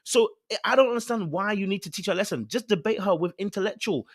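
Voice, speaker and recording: A man's voice: high voice, quick pace, slight background noise. A man hosting a reaction show, blunt and repeating his points for emphasis. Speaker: reaction channel host. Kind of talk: casual reaction commentary.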